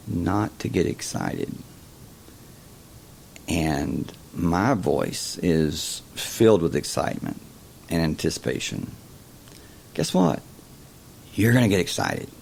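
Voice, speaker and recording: A man hosting a casual explanatory monologue, talking slowly and haltingly, often repeating words. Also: low-pitched, big pitch swings, creaky, a little mellow, slight background noise. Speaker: host.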